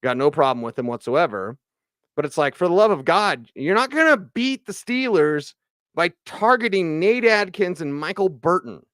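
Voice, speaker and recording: A man's voice: on the high side, sing-song, normal speed, a bit bright, dry recording, studio quality. A man hosting postgame sports commentary, talking in an emphatic, ranting way full of rhetorical questions. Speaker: sports radio host.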